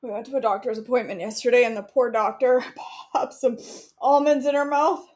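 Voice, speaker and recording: A woman's voice: a little high, fairly even intonation, brisk, darkish tone. A woman, chatting and joking to herself while she cooks for her vlog. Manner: giggly, joking, talks to herself. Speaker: cooking vlogger. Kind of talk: casual chat while cooking.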